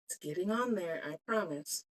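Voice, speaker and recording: A woman's voice: lowish voice, animated, normal speed. A woman chatting casually to her live-stream viewers while making bead earrings on her phone, giggling and trailing off as she talks to herself. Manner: giggly, self-talking, trails off mid-sentence. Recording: cellphone live-stream audio.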